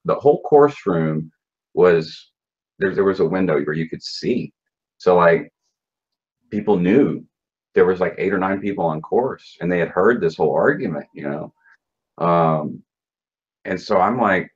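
A man with a low, husky voice recounts his past in a relaxed interview. He talks bluntly, swears freely and trips over restarts and fillers. The recording sounds dull and lo-fi. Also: unhurried. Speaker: interview guest. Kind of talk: casual recounting of personal story.

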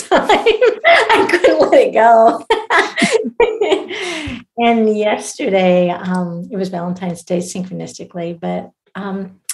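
A woman's voice: medium pitch, vocal fry, warm tone, low-quality recording. A middle-aged woman talking reflectively in a casual interview, laughing often as she shares personal stories. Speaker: guest, near-death researcher.

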